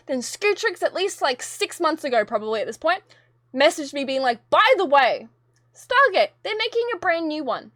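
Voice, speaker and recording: A woman's voice: high-pitched, very animated, moderate pace, a bit bright, dry recording, studio quality. A young woman streamer talking casually to her live chat, ranting in an exasperated, rambling way, with plenty of swearing.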